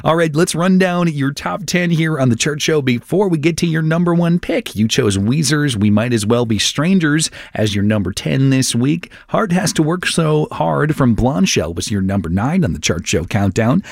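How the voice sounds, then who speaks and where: A man's voice: a little high, lively intonation, normal speed, creaky, few pauses, no room sound. Dry-voiced male radio countdown host. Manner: upbeat, conversational with asides. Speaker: radio chart show host.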